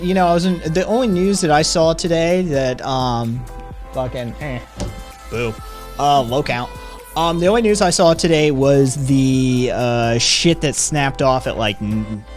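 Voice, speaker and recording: A man's voice: medium pitch, slow, soft background music. A man hosting a live stream, chatting casually in a rambling, profane way. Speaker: streamer host.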